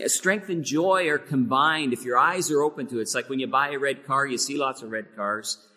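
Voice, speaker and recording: A pastor preaches a sermon with earnest conviction in a mid-range, pushed and bright voice at normal speed. He hits key phrases with sudden emphatic force, and a long sanctuary reverb trails each line.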